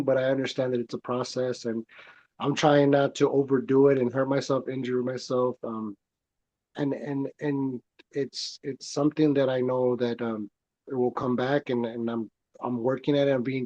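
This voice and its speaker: A man's voice: mid-range voice, fairly even intonation, moderate pace, a little mellow, muffled recording. A man speaking as a guest in a casual chat, earnest and reflective.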